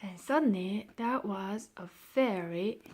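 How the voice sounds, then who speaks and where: A woman narrating a children's storybook in a slow, expressive way, now and then dropping into soft whispers. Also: medium pitch, husky. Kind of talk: scripted narration.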